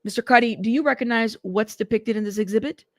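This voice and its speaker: A woman's voice: on the high side, fast talker, dry recording, studio quality, lightly acted. A woman reading out a prosecutor's careful, methodical questions to a witness in court. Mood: questioning.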